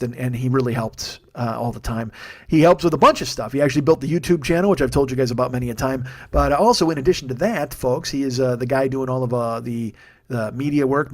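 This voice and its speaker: A man in his forties hosting a solo comedy podcast, ranting in a heated, profane way and rambling through plugs with lots of fillers. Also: medium pitch. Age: 40s. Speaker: podcast host.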